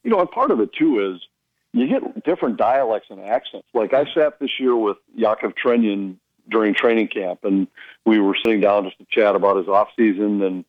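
A man who works as a hockey broadcaster, chatting casually on a radio show and telling anecdotes with quick imitations of the people he quotes. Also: fairly low pitch, expressive, no room sound, narrow, tinny audio. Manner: storytelling, mimics others' voices in quotes.

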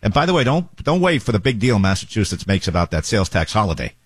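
A man with a husky, low-set voice hosts morning radio at a rapid clip. He reads ads in a brash, joking way, ad-libbing as he goes. The sound is close and dry. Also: very animated, no echo. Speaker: radio show host. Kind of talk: morning radio talk and live-read ads. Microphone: close studio microphone.

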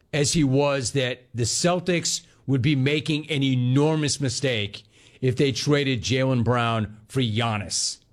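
A man hosting a sports talk radio show, talking in a conversational, emphatic way with quick bursts and repeated words. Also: medium pitch.

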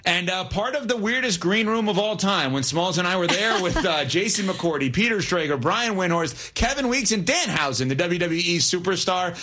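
Bright, lively high-voiced host man. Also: moderate pace, few pauses. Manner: lively, teasing questions. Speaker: sports talk host. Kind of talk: casual sports talk.

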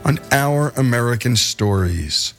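A man closes a radio segment in a calm, scripted voice with a gravelly texture. His delivery is measured and reflective. Faint instrumental music plays underneath. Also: medium pitch. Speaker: radio host. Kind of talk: scripted broadcast narration.

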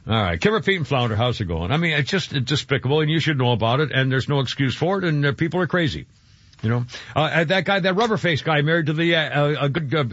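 A man's voice: fairly high pitch, a bit bright, breathy edge, no echo. A man hosting a talk radio show, ranting indignantly and rambling with many fillers, heard over a dull lo-fi broadcast.

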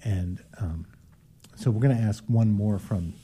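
A man in his sixties hosting a casual interview, speaking hesitantly with many pauses and restarts. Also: fairly low pitch. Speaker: host.

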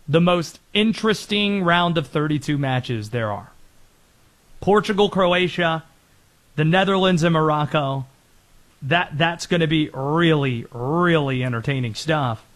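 A man hosting a sports talk show, giving brisk, opinionated commentary and rattling off players and teams. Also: on the high side, animated, a bit bright.

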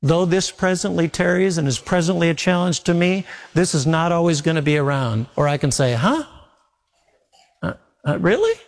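A man preaching a sermon with homespun stories, slowing down to lean on scripture. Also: fairly high pitch, steady tone. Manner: folksy storytelling preacher, slows down for scripture. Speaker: pastor.

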